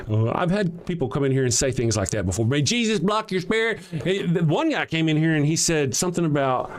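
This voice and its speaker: A man's voice: a little high, lively intonation, brisk. A man hosting a livestream, answering his chat with sarcastic, mocking rhetorical questions and frequent swearing. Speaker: livestream host. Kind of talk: livestream commentary reading chat.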